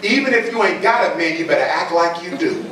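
Blunt, mocking lecturer in an echoey hall. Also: male voice, high voice, animated, fast talker, very noisy. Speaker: public speaker. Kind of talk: fiery public lecture. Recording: echoey hall, distant mic, audience.

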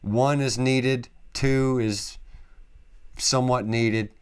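A man hosting a podcast, talking casually and excitably, with lots of emphatic interjections. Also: medium pitch, takes it slowly, clear, resonant tone. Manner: excitable, emphatic, peppered with "freaking" and "dude". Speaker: podcast host. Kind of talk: casual solo podcast monologue.

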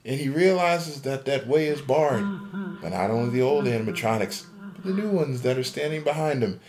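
A man spins a spooky story in casual podcast talk. He acts out a frightened character's thoughts with lots of swing in his pitch. His voice sits in an ordinary middle register. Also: normal speed, crowd noise. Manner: animated, acts out a character's panicked inner voice. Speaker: podcast co-host. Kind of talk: casual storytelling of a game theory. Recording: amateur podcast recording.

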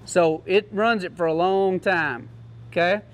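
A man's voice: high voice, steady tone, a little slow. A man giving a casual, joking product demo to a class, in a folksy manner. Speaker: product demonstrator.

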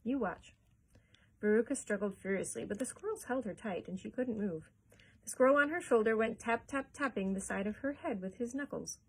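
A woman, a children's librarian, reading a chapter book aloud with expressive, animated storytelling. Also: on the high side, fairly quick, slightly rough, poor audio.

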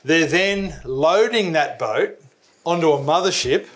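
A man's voice: a little high, animated, a little slow. A man with an Australian accent hosting a fishing show, chatting casually, teasing and laughing a lot. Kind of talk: casual chat. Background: music.

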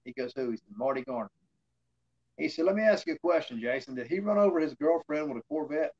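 A former wrestler, a man, tells long rambling interview stories with fillers and plays out the quoted dialogue himself. His voice runs on the high side, animated and quick, with a darkish tone and breathy edge over lo-fi sound.

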